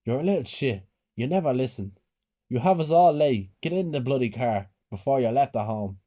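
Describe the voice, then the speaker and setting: A man's voice: medium pitch, expressive, fairly quick, close to an everyday voice. A man voicing a short-tempered father who barks at his son. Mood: gruff. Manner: shouting, gruff.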